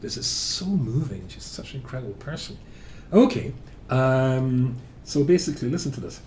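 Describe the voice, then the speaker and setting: A man, a rabbi teaching a lesson as an animated storyteller, full of filler words. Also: medium pitch, normal speed, a little hiss or hum.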